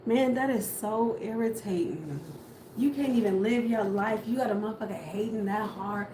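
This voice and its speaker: A woman reads tarot casually in a warm, medium-pitched voice at a moderate pace, musing as she goes and speaking plainly with some offhand swearing. The room sounds echoey, and background noise can be heard.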